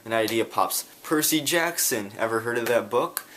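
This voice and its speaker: A man telling a rambling story in a casual vlog, talking in quick bursts. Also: lowish voice, flat delivery, fairly bright tone. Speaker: vlogger.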